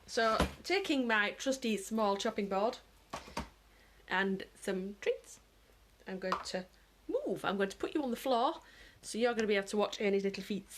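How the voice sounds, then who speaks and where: A British woman giving a casual live dog-training lesson at home, chatting to viewers and breaking into high-pitched praise for her dog. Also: expressive, moderate pace, a little hiss or hum. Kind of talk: live-streamed training demo.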